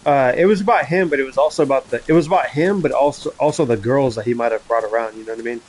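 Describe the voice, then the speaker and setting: Young man, mid-range pitch, casual gaming chat, rambling, laughing, swearing. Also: racing, darkish tone, low-quality recording. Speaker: gamer.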